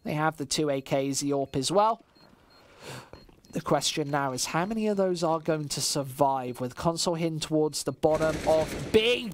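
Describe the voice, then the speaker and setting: A man with a West Midlands English accent doing solo play-by-play commentary on a live stream, casual and chatty with chat, surging loud and high on big plays. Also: normal speed, a little hiss or hum. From West Midlands, England. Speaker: esports commentator.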